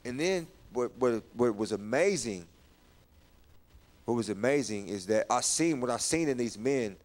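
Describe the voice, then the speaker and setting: Man, mid-pitch, giving a halting testimony, repeats himself, lifts his voice when moved. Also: animated, a little mellow. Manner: halting, repeats words, rises when stirred. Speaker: guest sharing testimony. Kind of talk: personal testimony in church talk.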